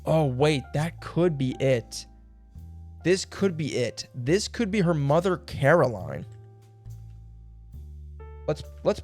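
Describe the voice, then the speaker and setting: A man's voice: on the high side, sing-song, slow, long pauses, a little mellow, soft background music. A young man streaming a puzzle game, thinking aloud in a rambling way and laughing now and then. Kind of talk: casual puzzle game livestream.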